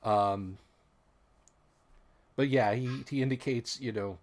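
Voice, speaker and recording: A man's voice: mid-range voice, slow pace. A man running a tabletop game as game master, describing the scene with frequent restarts.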